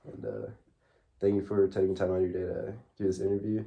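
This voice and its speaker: A man's voice: sits low, big pitch swings, a little fast, vocal fry, highs cut off. A young man interviewing his father, asking questions hesitantly with short fillers. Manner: hesitant, fills gaps with uh and short replies. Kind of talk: casual interview.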